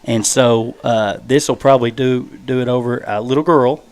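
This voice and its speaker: Male school-show host, mid-pitched, easygoing ribbing, loose and rambling delivery. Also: fairly even intonation, normal speed, a little mellow. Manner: joking, rambling with fillers. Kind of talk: casual chat.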